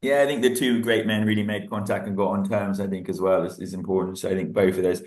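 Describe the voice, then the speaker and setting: A man teaching history revision in a relaxed, chatty way, walking through exam sources with a colleague. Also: sits low, fast, echoey room, poor audio. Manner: relaxed, chatty, laughs often. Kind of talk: casual revision discussion.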